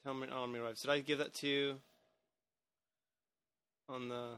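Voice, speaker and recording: A man's voice: mid-range voice, level tone, normal speed, a bit bright, smooth, no room sound. Rambling man podcast host. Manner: rambling, many restarts and hedges. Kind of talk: casual film discussion.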